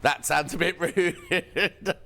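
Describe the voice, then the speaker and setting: A man's voice: on the high side, slow, gravelly, pushed and bright, a little hiss or hum. A man presenting a live shopping channel show, chatty and playful, reading out viewers' messages. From United Kingdom.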